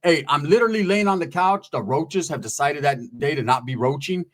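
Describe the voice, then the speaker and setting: Relaxed, foul-mouthed storyteller, a slightly high man's voice. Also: brisk. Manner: laid-back, profane, slangy. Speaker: comedian storyteller. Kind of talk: comedic storytelling.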